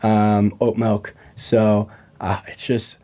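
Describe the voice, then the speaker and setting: A man's voice: fairly low pitch, level tone, slow, a crowd in the background. Chatty young man hosting a podcast. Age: young adult. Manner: chatty, joking, full of fillers. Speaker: podcast host. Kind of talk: casual chat.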